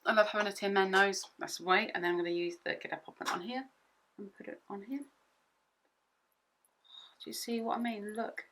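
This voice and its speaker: A young woman chatting through a makeup tutorial at home, excitable and rambling, often repeating herself. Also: medium pitch, a little fast, long pauses. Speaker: beauty vlogger.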